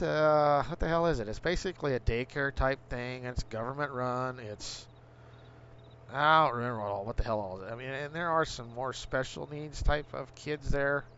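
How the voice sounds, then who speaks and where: A man's voice: medium pitch, fairly bright tone. A middle-aged man, ranting casually and profanely while hosting a gaming livestream. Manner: profane, ranting, rising to angry outbursts. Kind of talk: casual rant while streaming. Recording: dull lo-fi stream audio with faint vehicle hum.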